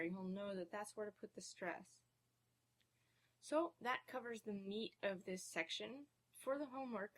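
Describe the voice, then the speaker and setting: A woman giving a recorded beginner language lesson, speaking clearly and slowing down to model each example word. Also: mid-range voice. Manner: clear, measured teaching delivery, slowing for model words. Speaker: language teacher.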